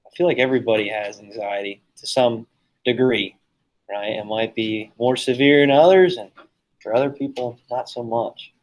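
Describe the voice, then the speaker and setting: Man, teacher, casual classroom lecture, jokey, chatty, middle pitch. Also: normal speed, rough recording. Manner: joking, chatty, teasing students.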